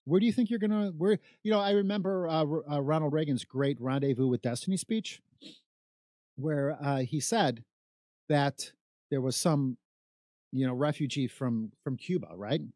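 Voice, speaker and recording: A man's voice: on the high side, normal speed, mellow, no room sound, studio quality. A middle-aged man from Chicago giving an emphatic political monologue, full of repetition and rhetorical questions. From South Side of Chicago. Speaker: political commentator.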